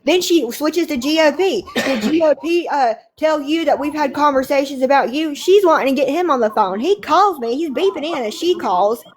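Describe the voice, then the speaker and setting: A woman's voice: sits high, expressive, normal speed, hardly any pauses. A woman on a livestream call, venting in an emphatic, profane, exasperated way. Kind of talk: heated casual livestream chat.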